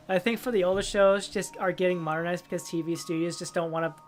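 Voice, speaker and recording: A young woman streamer rambling casually about old cartoons and games, telling stories in an animated way and often breaking into silly voices. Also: on the low side, normal speed, a little hiss or hum. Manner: rambling, animated storytelling with goofy character voices. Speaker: livestreamer.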